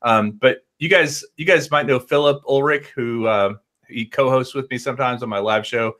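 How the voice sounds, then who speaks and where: A man's voice: mid-range voice, moderate pace, fairly bright tone. A man as a guest on a casual live chat show, talking in a chatty, friendly way.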